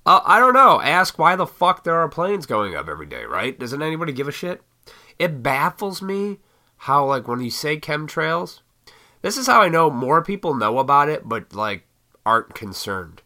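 A man with a cold, his voice raspy, hosting a solo podcast and ranting in a heated, profane way. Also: a little high, big pitch swings, moderate pace, pushed and bright. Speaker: podcast host.

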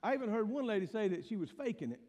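A man preaches a light, joking sermon, spinning folksy stories and checking in with the congregation as he goes. His voice sits unusually high. The sound carries a long reverb from a large hall. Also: very animated, racing, darkish tone, a little hiss or hum. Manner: folksy storytelling with call-outs to the congregation. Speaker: pastor. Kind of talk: humorous sermon.

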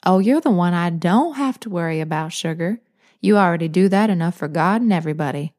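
A woman's voice: lowish voice, expressive, brisk, a little mellow, close to an everyday voice. Woman doing a teasing old grandmother. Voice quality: soothing, drawling.

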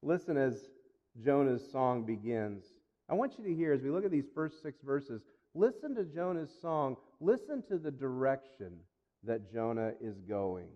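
A man preaching a sermon in an earnest, emphatic way, repeating phrases and slowing down for weight. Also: medium pitch, lively intonation. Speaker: pastor. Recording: dull sound with long reverb.

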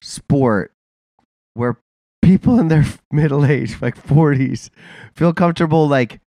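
A man's voice: fairly high pitch, takes it slowly, dark tone, no echo. A man with a congested, nasal voice from a sinus infection, co-hosting a casual podcast chat, rambling with lots of fillers and laughs. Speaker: podcast co-host.

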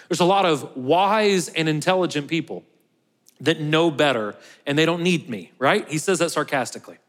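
A man's voice: fairly high pitch, fairly bright tone, big-room sound. A man preaching a sermon in a conversational way, often checking in with his listeners with tag questions. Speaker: pastor.

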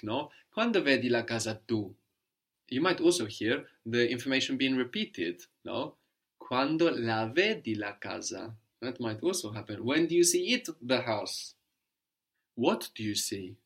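A man leads a language lesson, patient and methodical. His voice sits at an ordinary middle pitch, and he keeps checking in with a quick "no?" as he walks through each example. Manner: patient, explains step by step, ends points with "no?". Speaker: language teacher.

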